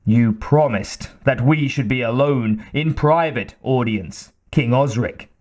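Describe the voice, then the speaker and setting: A man voicing a sinister male cult priest who speaks softly and without expression. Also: medium pitch, takes it slowly, close to an everyday voice. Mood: cold. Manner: soft, toneless, expressionless.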